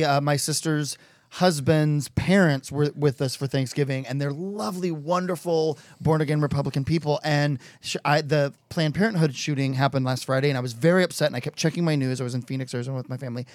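A man co-hosting a casual chat show, telling stories in an animated, flustered way with many restarts. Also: a little high, brisk, no echo. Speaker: co-host.

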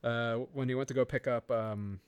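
A man's voice: mid-range voice, steady tone, normal speed, clear, resonant tone, no room sound. Chatty man rambling, dry close mic. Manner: rambling, lots of "you know" and restarts. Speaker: podcast co-host. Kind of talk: casual movie review chat. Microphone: remote call microphone.

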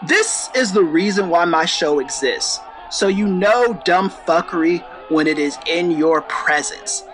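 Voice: mid-range voice, a bit bright, slight background noise, rough recording. A podcast host giving a casual commentary rant, blunt and profane, with sarcastic asides and frequent restarts. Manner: rambling with restarts.

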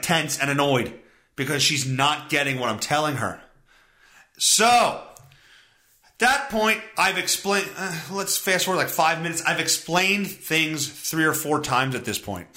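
A podcast host telling an exasperated story in a casual comedic rant, acting out both sides of a phone call and swinging between loud outbursts and muttered asides. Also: male voice, on the high side.

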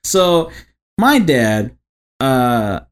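Man, podcast co-host, casual storytelling, swears a lot, lively swinging pitch. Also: very slow. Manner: crude, animated storytelling with lots of swearing.

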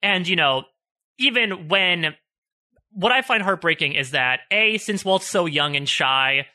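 His voice is high, expressive, sharp in tone and a little slow. Tearful on a podcast he co-hosts, he searches for words about a TV scene, emotionally restarting phrases in this casual talk about the show.

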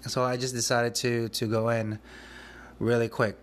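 A man's voice: mid-range voice, flat delivery, normal speed. A man who manages a restaurant kitchen tells a work mishap in a casual podcast. He rambles, restarts his sentences and laughs nervously, still shaken and anxious. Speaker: restaurant back of house manager.

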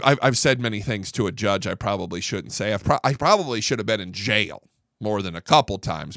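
A man's voice: fairly low pitch, a bit bright, no room sound, studio quality. A middle-aged man giving a blunt, heated monologue as a podcast host, often stumbling and restarting as he vents. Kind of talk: casual monologue.

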